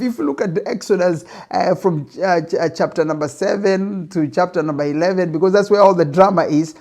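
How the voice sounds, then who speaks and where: A man giving a motivational talk on pitching, retelling a Bible story emphatically to make his point. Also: a little mellow. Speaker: business speaker.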